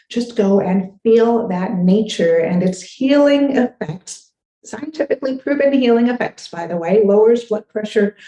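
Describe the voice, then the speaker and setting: A woman's voice: mid-range voice, dark tone, roomy sound, poor audio. A woman parenting coach giving encouraging advice straight to the listener. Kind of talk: direct-to-camera advice talk.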